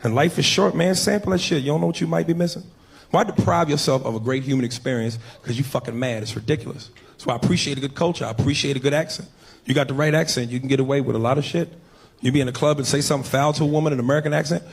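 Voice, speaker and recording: A man's voice: mid-range voice, steady tone, racing, vocal fry. A man doing a brash, profane stand-up comedy set in a comedy club. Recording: live club with audience and noise.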